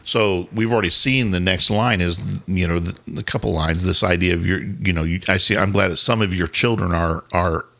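A man with a low, gravelly voice walks through scripture with his podcast co-host. He explains patiently and conversationally, often breaking off and restarting his sentences, and stops now and then to put a question to his partner. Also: normal speed, hardly any pauses, bright, forceful tone. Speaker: podcast co-host teaching Bible. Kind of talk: casual teaching chat.

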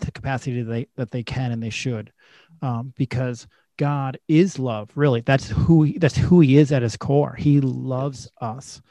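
A man's voice: mid-range voice, dark tone, dry recording. A man co-hosting a faith talk show, emphatic and exclaiming often. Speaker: podcast co-host. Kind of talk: casual Christian talk.

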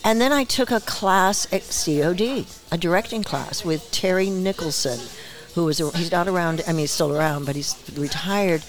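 A woman in her seventies, a guest in a relaxed interview at a small bar. She acts out the people she quotes with a lively storyteller's flair and laughs often. Her voice sits slightly low for a woman. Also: moderate pace. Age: 70s. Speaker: guest actress and director.

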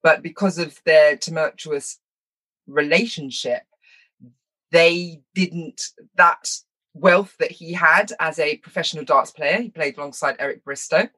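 A middle-aged woman telling stories from her childhood in an interview. She is lively and self-mocking, laughs often, and slips into quick impressions. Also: low voice. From London, England. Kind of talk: personal storytelling in conversation.

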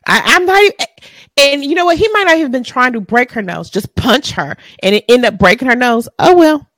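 A woman's voice: high voice, animated, fairly quick, fairly bright tone, dry recording. A woman, co-hosting a podcast, ranting bluntly and with profanity in casual chat. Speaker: podcast co-host.

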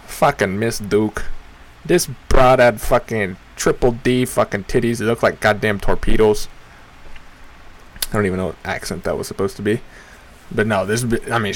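A young man hosting a show, with a low, gravelly voice and an unhurried, drawn-out delivery. He rambles through crude, profane jokes and suddenly jumps way up in pitch to punch a line. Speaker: podcast host. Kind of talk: casual comedic monologue.

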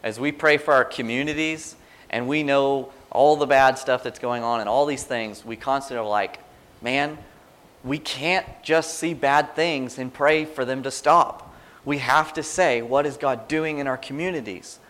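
A man preaching to a congregation in a relaxed, conversational way. He slips into quoted prayers and little acted-out reactions, and his voice sits at an ordinary middle pitch. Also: measured pace. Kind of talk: sermon.

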